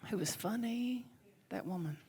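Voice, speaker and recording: A woman minister with a Southern accent, preaching a sermon and telling a personal story with lively swings from loud to hushed. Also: a little high, normal speed, breathy edge. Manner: animated, swings from loud to hushed near-whisper. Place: church sanctuary.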